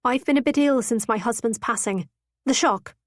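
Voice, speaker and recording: A woman's voice: on the high side, moderate pace, no room sound, close to an everyday voice. A flustered young widow stammers her replies in a lifted, breathless voice, read by a woman. She sounds nervous and impulsive, pushing her words out in a rush. The sound is dry and close.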